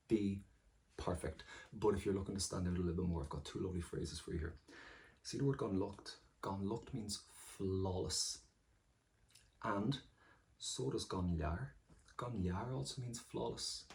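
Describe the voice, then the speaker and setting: A man's voice: on the low side, unhurried, creaky, darkish tone. A man with an Irish accent, teaching exam vocabulary and explaining each word in turn in an encouraging way. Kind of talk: exam-prep lesson.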